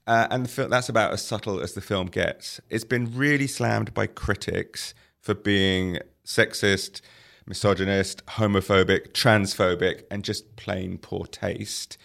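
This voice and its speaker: A man with a low, gravelly voice reviews a film on a relaxed podcast. He retells the story in a wry, mocking way and lands his jokes with a dry edge. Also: measured pace. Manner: wry, sarcastic storytelling with punchlines. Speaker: arts editor reviewing films.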